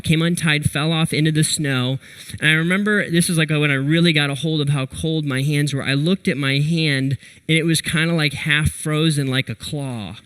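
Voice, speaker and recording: A young man delivering a church sermon with a fairly high-pitched voice. He tells stories in an animated way, jumping up in pitch when he acts out what people said. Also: clean tone, rough recording. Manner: storytelling with lively animated retellings. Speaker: pastor.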